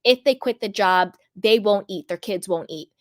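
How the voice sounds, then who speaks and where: A woman hosting a reality TV commentary vlog, sassy and animated as she scolds. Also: mid-range voice, moderate pace, dry recording, studio quality. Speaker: commentary host.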